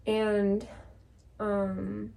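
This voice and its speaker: A woman's voice: medium pitch, little pitch movement, very slow, gravelly, mellow. A young woman co-hosting a podcast, telling stories in casual chat with lots of fillers and laughter. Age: young adult. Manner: laughing storyteller, filler-heavy. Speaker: podcast co-host. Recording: distant mic with faint noise.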